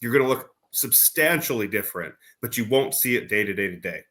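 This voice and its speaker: A man's voice: medium pitch, animated, a little fast, bright, forceful tone. A man co-hosting a podcast, joking with his co-host and then giving motivational advice about growth. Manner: teasing, motivational, builds points with examples. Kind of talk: casual podcast chat.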